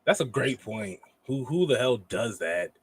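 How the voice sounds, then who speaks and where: A man's voice: mid-range voice, lively intonation, unhurried, breathy edge. A man co-hosting a wrestling review podcast in rambling, slangy casual chat. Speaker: podcast co-host.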